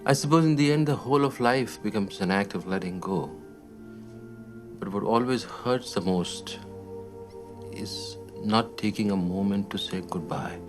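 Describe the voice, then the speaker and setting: An actor playing a calm, reflective man in a film, speaking in a measured, solemn way, heard as a film clip. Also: fairly low pitch, natural voice. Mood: wistful. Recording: film clip with music underneath.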